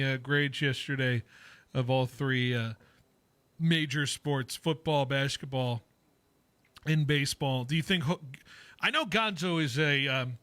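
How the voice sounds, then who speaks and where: A male sports radio host with a bright, fairly high voice, talking in a loose, rambling way full of fillers and restarts. He jokes with his co-host, and the dry studio sound keeps his voice close and clear. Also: no room sound. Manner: rambling, lots of fillers and self-corrections. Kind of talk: casual sports talk radio.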